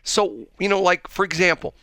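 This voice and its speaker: A man's voice: high voice, expressive, normal speed, sharp tone, no echo, clean studio sound. A man hosting a morning radio show in casual banter, rambling, drifting off track and laughing often.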